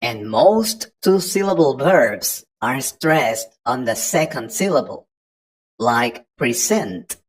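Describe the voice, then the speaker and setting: Very deep-voiced, unhurried woman teacher. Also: animated, poor audio. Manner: patient, explains step by step to the learner. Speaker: English teacher. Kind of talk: online pronunciation lesson.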